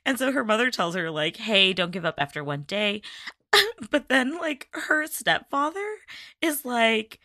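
A woman's voice: fairly high pitch, lively intonation, unhurried, sharp tone, dry recording, studio quality. A woman co-hosting a casual chat, recapping a drama, laughing often and swearing casually. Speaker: podcast co-host recapping a drama.

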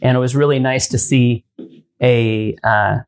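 Rambling mid-pitched male podcast host. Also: fairly even intonation, measured pace, smooth. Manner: thinking aloud, many ums and restarts. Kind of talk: casual tech chat.

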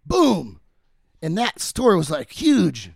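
A man's voice: a little high, big pitch swings, normal speed, no echo, studio quality. A man in casual chat, telling stories animatedly with many fillers.

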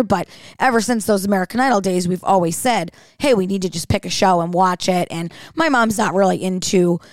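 A woman's voice: medium pitch, no echo, studio quality. A woman hosting a podcast, talking in a chatty, rambling way full of fillers. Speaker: podcast host. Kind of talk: casual solo chat.

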